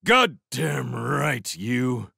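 A man voicing a burly, hotheaded male rancher who snarls and shouts. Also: medium pitch, sing-song, very slow, gravelly, breathy edge, dry recording, studio quality, voice pushed up, exaggerated voice. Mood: snarling.

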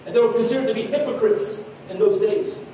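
A pastor delivers an earnest sermon, his voice sitting high for a man. He sounds set back from the microphone in a large, echoing hall. When he quotes scripture, he eases into softer tones. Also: a little fast, a little hiss or hum. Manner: earnest preaching, drops to soft tones for quotes. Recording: echoey hall from far off.

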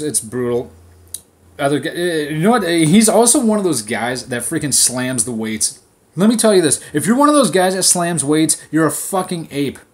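A man with a slightly high voice rants freely and swears constantly, telling his story with animated energy. It is a casual, off-the-cuff monologue recorded on a phone. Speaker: podcast host. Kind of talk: profane casual rant.

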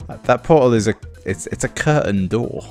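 A man's voice: mid-range voice, moderate pace, a little mellow, faint music behind. A man giving casual let's play commentary on a video game, with dry, sarcastic asides.

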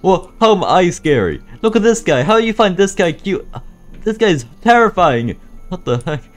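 A man's voice: high voice, very animated, moderate pace. A man voicing a goofy, whiny animatronic bear who stammers as he talks in a game machinima. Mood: flustered.

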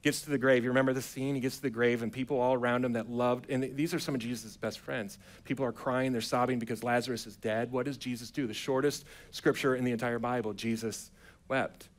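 A man's voice: mid-range voice, fast talker. A man preaching a sermon in a church, retelling scripture in a casual, chatty way and acting out the characters' lines with modern slang. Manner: casual storytelling preacher who acts out quotes in a relaxed, modern voice. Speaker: pastor. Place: church sanctuary.

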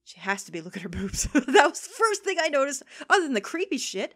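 A woman hosting a let's play, reacting with excited exclamations and frequent laughter while reading the game aloud. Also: sits high, fast, hardly any pauses. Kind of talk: video game commentary. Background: faint game music.

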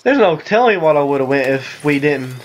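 A man's voice: on the high side, normal speed, slight background noise. Rambling Southern gamer guy. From Southern United States. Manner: rambling, excitable, jokey with sarcastic asides. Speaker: gaming commentator. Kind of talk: casual voice-over commentary on gameplay.

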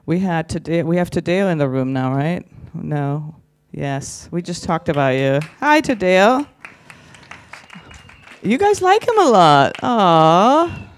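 A man's voice: fairly high pitch, big pitch swings, slow. A man doing stand-up crowd work on a conference stage, brash and teasing, swearing freely as he ribs the audience. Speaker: stand-up comedian.

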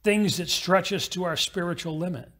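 A man preaching a sermon as pastor, telling a parable with quick, acted-out voices. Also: high voice, fairly bright tone.

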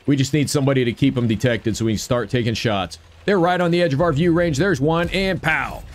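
A man's voice: mid-range voice, brisk. A man giving upbeat gameplay commentary and cheering on his own shots. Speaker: gaming video creator.

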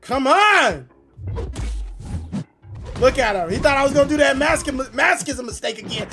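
A man streaming a mobile game live, excitably commenting, shouting and laughing at his opponent in slangy, playful talk. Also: very high-pitched, normal speed, long pauses, soft background music.

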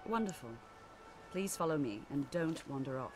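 A woman voicing a brisk, formal administrator of a mage college in a video game, polite, orderly and instructive. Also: low voice, expressive. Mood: welcoming.

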